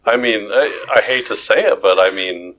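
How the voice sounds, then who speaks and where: A male podcast host in casual chat, delivering animated, joking rants with frequent restarts. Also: on the low side, normal speed, poor audio.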